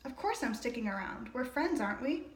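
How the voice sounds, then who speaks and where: A woman reading aloud as a friendly, flattering young witch, with a bright, encouraging delivery. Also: fairly high pitch, brisk, slight background noise, close to an everyday voice. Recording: roomy echo.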